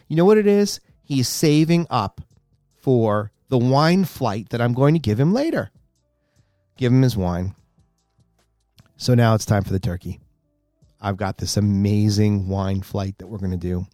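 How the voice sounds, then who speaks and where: A man telling a long personal story in casual chat, animated and exasperated, growing indignant as he goes. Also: on the low side, a little slow, no room sound, studio quality, faint music behind. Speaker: guest storyteller.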